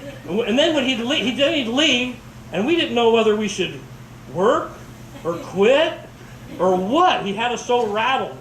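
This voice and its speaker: A middle-aged man giving a memorial speech in a church chapel, telling stories in a halting, rambling way and chuckling often. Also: very high voice, animated, fairly bright tone, slight background noise. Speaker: family member giving a eulogy. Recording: echoey hall picked up from far off.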